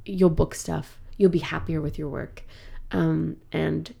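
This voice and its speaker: A woman's voice: deep voice, steady tone, slow pace, vocal fry, mellow, husky. A woman in her thirties, a guest improv actor, telling stories animatedly in casual chat and laughing often. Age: 30s.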